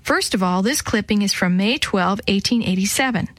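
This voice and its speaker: A woman's voice: mid-range voice, normal speed, no room sound, natural voice. Storybook boy read by a woman: earnest, correcting, dry close sound. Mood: matter-of-fact. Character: earnest boy Chris, young and reasonable.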